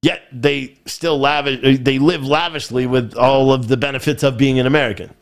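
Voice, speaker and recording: A man's voice: mid-range voice, fairly even intonation, normal speed. A man hosting a live political commentary show, talking in a frustrated, rambling way and often repeating himself. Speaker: podcast host.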